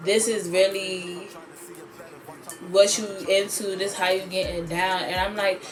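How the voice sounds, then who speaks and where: A woman vlogger telling a personal story in a chatty, animated way, with sassy asides. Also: mid-range voice, measured pace, faint music behind. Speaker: beauty vlogger. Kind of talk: storytime vlog.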